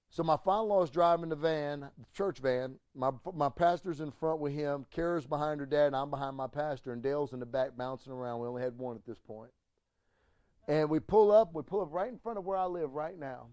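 A middle-aged man, a pastor, telling a story in a sermon with animated swings from loud to hushed and stammering restarts. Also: on the high side, fairly quick, no echo.

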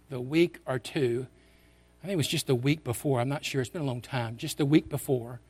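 An older man preaching, telling a personal story in an earnest, conversational way with many restarts. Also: medium pitch.

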